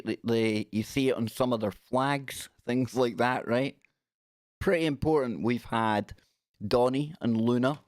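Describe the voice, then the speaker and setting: Guy chatting on a live stream, jokey and giggly, middle pitch, dry sound. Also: darkish tone, no echo. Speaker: radio show host. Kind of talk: casual live-stream chat.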